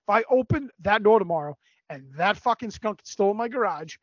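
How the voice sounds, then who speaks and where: Guy with a high voice ranting a story, swears constantly, dry dull mic. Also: fairly quick, no echo. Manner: animated, profane storytelling. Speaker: podcast co-host. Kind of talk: casual storytelling.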